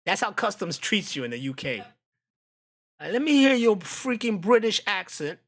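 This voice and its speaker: Reacting to videos, an American streamer rambles casually in a fairly high, sharp, forceful voice. He's very animated, speaks at a normal speed, laughs a lot, and swears freely.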